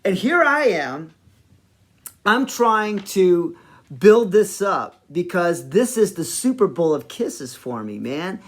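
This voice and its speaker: A man telling a personal story in a casual, rambling way, full of fillers and animated in places. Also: high-pitched, slow. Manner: animated when reliving the moment. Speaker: host.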